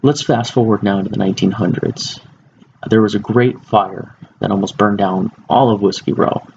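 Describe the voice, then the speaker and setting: A man's voice: on the low side, steady tone, normal speed, gravelly, a little mellow. A young man giving an informal informative speech, talking casually with fillers and restarts. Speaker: student speaker. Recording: muffled lo-fi recording with faint background hiss.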